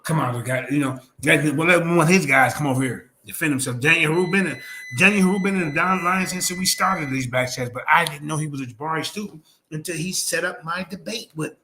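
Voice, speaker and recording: A man speaks, his voice sitting a touch high and ringing bright. He rants on a livestream, combative and profane, firing trash talk at his rivals. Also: brisk, a little hiss or hum. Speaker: streamer host. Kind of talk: heated livestream rant.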